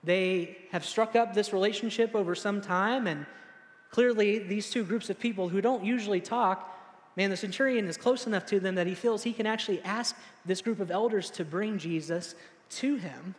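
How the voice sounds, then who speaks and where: High-voiced young pastor in a reverberant hall. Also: male voice, normal speed. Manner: casual, storytelling, acts out quotes with rising pitch. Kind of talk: sermon.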